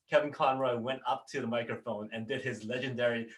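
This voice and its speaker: A man's voice: medium pitch, level tone, fairly quick. A man hosting a motivational business talk, speaking earnestly with repetitive phrasing and frequent fillers. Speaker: business coach and show host.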